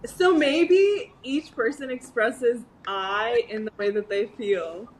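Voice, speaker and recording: A young woman co-hosting a casual chat, animated and giggly, trying out made-up words aloud. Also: on the high side, slow pace, a little hiss or hum, low-quality recording. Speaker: co-host.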